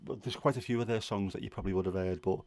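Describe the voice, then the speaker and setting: A Scouse-accented livestream host from Liverpool, England, speaks rapid-fire in a lowish, slightly mellow voice with a steady tone. He chats loosely with viewers, answering them in a rambling way full of fillers, with no echo.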